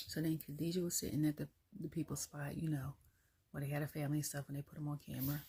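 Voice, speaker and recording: A low, gravelly woman talks through a wrestling show in a loose, chatty rant. Her voice is husky and rough, and she slips into quoted voices and breaks into laughter as she goes. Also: level tone, fast, mellow. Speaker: wrestling review vlogger. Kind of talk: casual solo rant.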